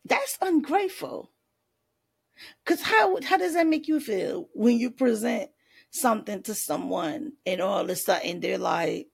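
A woman's voice: fairly high pitch, animated, a little slow, gravelly, breathy edge. A woman life coach giving faith-based advice in a sassy, playful podcast talk, tossing in pet names and laughing often.

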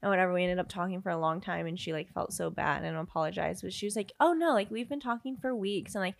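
A woman's voice: lowish voice, fast talker, gravelly, dry recording. Young woman telling a story, dry sound. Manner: animated storytelling, acts out quotes, laughs often. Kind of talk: casual chat.

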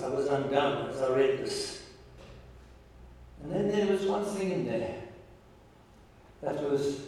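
A man preaching a sermon as pastor, telling stories in a warm, emotional way with halting restarts and repeated words. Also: a little high, slight background noise. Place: large church hall. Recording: echoey hall, voice from far off.

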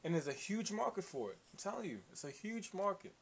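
A man's voice: high voice, very animated, fairly quick, creaky. A man hosting a casual solo commentary show, profane, rambling and opinionated. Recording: faint hiss.

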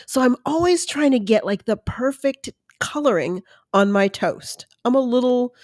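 A woman's voice: a little high, animated, normal speed, a little mellow, dry recording, studio quality. A middle-aged woman hosting a casual solo podcast, chatty and self-deprecating, acting out her own inner voice as she talks. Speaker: podcast host.

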